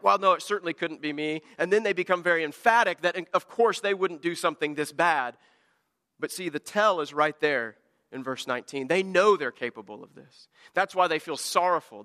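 A man's voice: sits high, pushed and bright, in a large hall. A man preaching an earnest sermon as a pastor, often stammering and restarting words as he builds his points.

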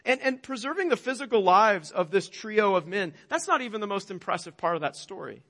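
A man's voice: high-pitched, lively intonation, a little fast, fairly bright tone, in a large hall. A male pastor preaching a sermon emphatically, with rhetorical questions.

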